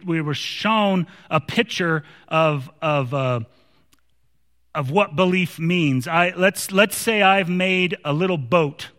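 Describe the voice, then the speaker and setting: Male preacher, conversational emphatic sermon delivery, bright tone, long hall reverb. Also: sits high.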